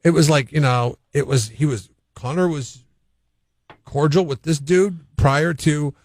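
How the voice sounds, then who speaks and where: A man's voice: a little high, unhurried, no room sound. A man co-hosting a radio show, chatting casually and spinning rambling hypotheticals. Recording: dry radio studio.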